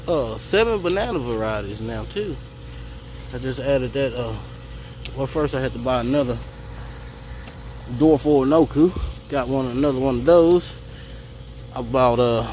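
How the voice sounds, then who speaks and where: This is a man's easygoing garden tour, shot on a handheld phone outside on a hot day as he muses out loud. His voice sits at medium pitch with a darkish tone, and the recording is low quality with a faint hiss or hum.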